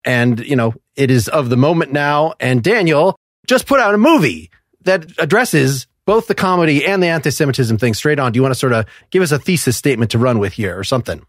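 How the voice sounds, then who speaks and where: A man's voice: medium pitch, animated, brisk, no echo, clean studio sound. A man hosting a casual panel podcast, joking, loose and self-deprecating. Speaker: podcast host.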